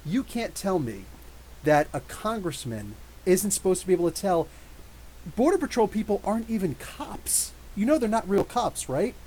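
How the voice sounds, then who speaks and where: A man in his thirties hosting a live podcast, reading out chat messages and rambling animatedly with quick asides and frequent laughs. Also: high-pitched, very animated, mellow, a little hiss or hum, low-quality recording. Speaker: podcast host. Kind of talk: live stream chat reading super chats.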